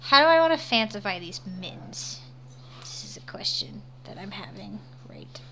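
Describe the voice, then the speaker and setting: A woman's voice: mid-range voice, animated, normal speed, noisy background. A woman streaming as she draws, chatting casually, laughing often and swearing freely. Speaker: livestreamer. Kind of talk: casual livestream chat while drawing.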